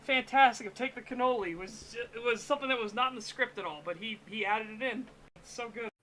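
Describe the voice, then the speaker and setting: A man with a bright, forceful tone, chatting casually on a streamed podcast. He tells history and film anecdotes with animated energy and swears freely along the way. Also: very high-pitched, brisk, poor audio. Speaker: streamer co-host.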